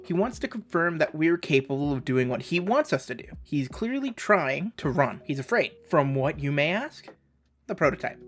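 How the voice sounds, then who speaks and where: Chill game theory host, jokey self-roasting tangents, quiet music behind. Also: medium pitch. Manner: joking, self-deprecating, rambling asides. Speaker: channel host. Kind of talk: casual game theory commentary.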